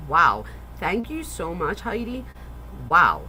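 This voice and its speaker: A woman in her forties hosting a casual livestream, excitable and gushing, swearing freely as she chats with viewers. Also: on the high side, unhurried, slight background noise, rough recording. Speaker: livestream host.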